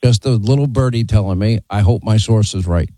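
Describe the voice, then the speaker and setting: A man's voice: lowish voice, fairly quick, warm tone, dry recording. A man hosting an interview, speaking in an assertive, pointed way. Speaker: host. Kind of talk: broadcast interview.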